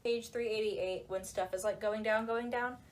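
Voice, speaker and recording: Sarcastic, animated woman chatting casually. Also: on the high side, moderate pace, slight background noise. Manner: folding laundry while talking. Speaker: book reviewer. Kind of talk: casual chat.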